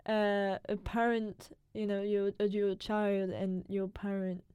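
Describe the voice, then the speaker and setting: Slow-talking mellow-voiced woman. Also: mid-range voice, little pitch movement, clear, resonant tone, no room sound. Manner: measured, self-deprecating, laughs easily. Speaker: podcast co-host. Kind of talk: poetry reading and casual chat.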